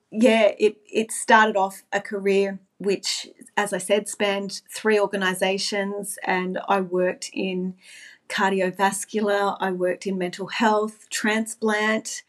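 Earnest woman recalling her nursing career. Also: mid-range voice. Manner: earnest, reflective, with frequent restarts. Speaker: podcast guest, former nurse. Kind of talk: reflective interview talk.

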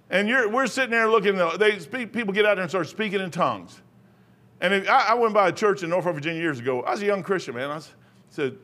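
Preacher man, high voice, middle-aged, rambling sermon with jokey tangents. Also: animated, fairly quick, long pauses, bright, forceful tone.

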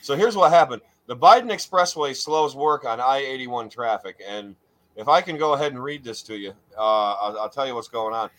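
A man's voice: medium pitch, moderate pace, a bit bright, rough recording. A man hosting a casual talk show, hamming up grand introductions and repeating his words. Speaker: podcast host. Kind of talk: casual chat.

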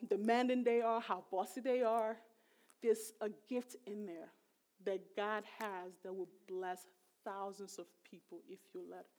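Middle-aged woman preacher, mid pitch, chatty and emphatic sermon delivery. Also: a little mellow. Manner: conversational, emphatic, voice rising sharply when retelling emotional moments.

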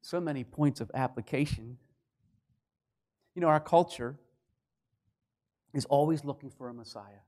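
A man preaching a sermon, swinging between loud declarations and hushed, quiet lines. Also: mid-range voice, measured pace, long pauses. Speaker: pastor.

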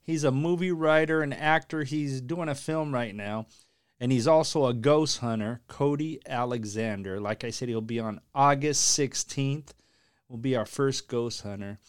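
A man hosting a casual podcast chat, upbeat and rambling, giving enthusiastic shout-outs. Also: medium pitch, normal speed, clean tone, no room sound, studio quality. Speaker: podcast host.

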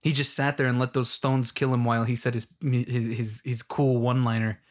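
A man's voice: medium pitch, flat delivery, fairly quick. Young adult male, casual rant, rambling and fed-up, loose filler-heavy delivery. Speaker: movie fan ranting.

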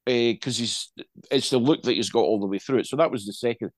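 A man's voice: medium pitch, fast, no echo. A middle-aged man co-hosting a podcast, reviewing a film in casual chat, rambling and wry, with frequent restarts.

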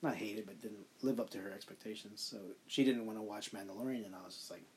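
Fast-talking man hosting a chat. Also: lowish voice, slight background noise. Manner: animated, emphatic storyteller. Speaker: podcast host. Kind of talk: casual chat.

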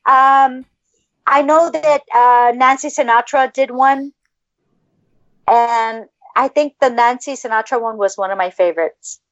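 A woman with a high voice hosts a casual podcast chat, gushing and effusive. Her sound is dull and lo-fi, with a dry, close feel. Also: unhurried, no room sound. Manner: gushing, effusive baby talk to pets. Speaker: podcast host.

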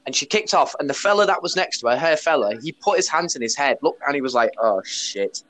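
A man's voice: on the high side, expressive, fast talker, a bit bright. A man tells a story on his podcast, blunt and casual. He swears freely and retells what people said. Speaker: podcast host; bar worker.

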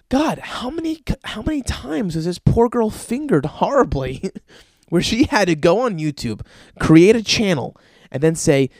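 He's a young podcast host whose high, sing-song voice stays unhurried and a little mellow, even as he rants and tells crude, profanity-laden stories. The audio is dry and studio quality.

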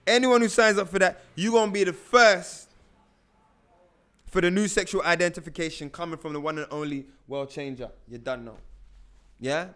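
A young man with a high voice talks in a loose, motivational monologue. He is slangy and emphatic and hammers his points by repeating phrases. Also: fairly even intonation, normal speed, fairly bright tone.

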